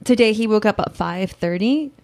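A woman in her thirties in casual chat, an animated storyteller who acts out quotes. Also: mid-range voice, moderate pace. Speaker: podcast co-host.

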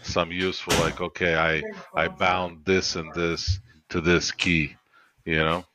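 A man joining a casual podcast chat, joking and halting, with many fillers. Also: deep voice, flat delivery, crowd noise. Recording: dull lo-fi mic.

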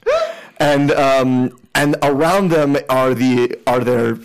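A man's voice: mid-range voice, very animated, slow, clean tone, low-quality recording. A man narrating a tabletop role-playing game as game master, with many fillers and restarts.

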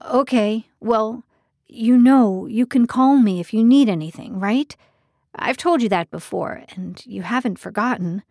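A woman's voice: a little high, a little slow, darkish tone, no room sound, studio quality. A woman voicing a nervous, apologetic young man in an audiobook, eager and fretful as he talks. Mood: earnest. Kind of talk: audiobook character voice.

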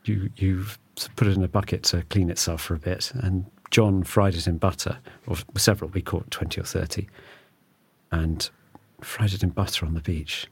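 A man hosts a podcast from a studio, talking in a loose, chatty way with jokes and restarts. His voice sits low and has a husky edge. The sound is close and dry. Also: steady tone, normal speed, dry recording. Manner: chatty, jokey, rambling with restarts. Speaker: podcast host. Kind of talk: casual chat.

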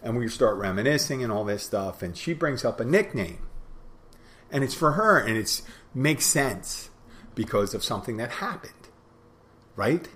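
A man hosts a podcast, rambling casually through a bar story in a sing-song, fairly bright, medium-pitched voice at a moderate pace. He repeats phrases and plays both sides of the conversation, speaking as a podcast host and bartender.

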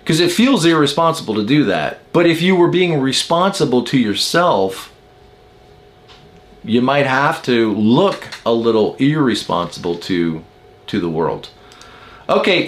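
A man's voice: mid-range voice, big pitch swings, measured pace. A man teaching the Enneagram in an informal, emphatic way, with many rhetorical questions to his viewers.

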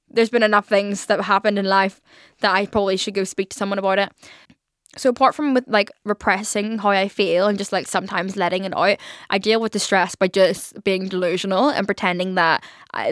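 A woman's voice: mid-range voice, a bit bright, no echo, clean studio sound. A young woman, hosting a casual podcast monologue, chatty, swearing and saying "like" constantly. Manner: chatty, swears, heavy filler "like". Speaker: podcast host.

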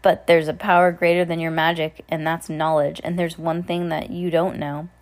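Cocky teen hero, firm and defiant, woman reading him aloud, lowish voice. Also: little pitch movement, moderate pace. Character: brave teenage boy hero, cocky.

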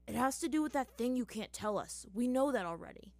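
A woman's voice: on the high side, lively intonation, brisk, vocal fry, a little mellow, no room sound, pitched above the performer's own voice. A woman voicing a glum, earnest teenage prince who tries to keep the peace. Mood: glum, pleading.

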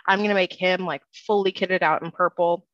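A woman's voice: lowish voice, fairly even intonation, fairly quick, a bit bright, no room sound. A woman describing her outfit as a guest player at a tabletop game, rambling and hesitant with lots of fillers. The mic sounds dull and dry, with no room around her. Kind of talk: casual tabletop game chat.

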